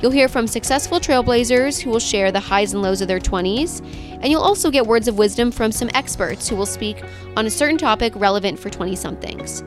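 A woman's voice: a little high, brisk, over music. A woman in her twenties hosting a podcast, bubbly and enthusiastic, reading her intro and chatting with her guest. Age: 20s. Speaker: podcast host. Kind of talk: scripted intro, then casual interview chat.

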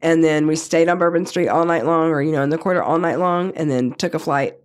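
A middle-aged woman co-hosting a podcast, telling a story in a casual chat, swearing freely and acting out the quotes in a higher voice. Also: a little fast. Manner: animated storyteller, acts out quotes with a raised pitch, swears freely. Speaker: podcast co-host.

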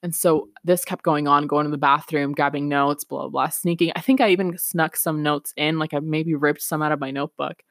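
A podcast host with a fairly low voice shares a candid, reflective personal story, chatty and full of "like"s, before steering it toward gentle motivational encouragement. She speaks a little fast with fairly even intonation and few pauses, and the sound is close and dry with no echo or room.

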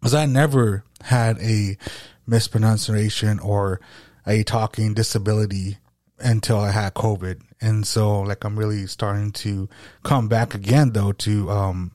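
A man's voice: on the low side, steady tone, darkish tone, no echo, clean studio sound. A man hosting a casual podcast conversation, talking with a slight lisp and often stopping to search for his words. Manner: halting, with frequent restarts and searching for words. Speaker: podcast host.

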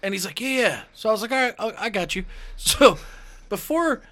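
A man with a high, bright voice chats with friends, eager and quick to laugh. He jumps in to add details and acts out the other people in the story. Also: expressive. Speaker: podcast co-host. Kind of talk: casual chat.

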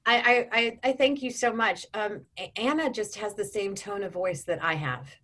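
Speaking at a normal speed, this woman has a medium-pitched, slightly bright voice. She's in her forties, an audiobook narrator and voice actor, and her casual interview chat is filled with ums and restarts.

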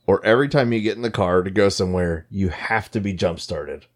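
A man co-hosting a podcast, chatting casually, swearing freely, laughing often and acting out little scenes. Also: low-pitched. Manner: swears a lot, laughs often, acts out voices in stories. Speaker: podcast co-host. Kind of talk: casual banter.

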